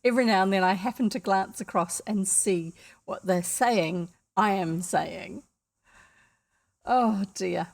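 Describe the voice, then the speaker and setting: A woman's voice: medium pitch, slow pace, creaky. New Zealand woman reading a classic story. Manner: lively, amused, chatty asides. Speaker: audiobook reader.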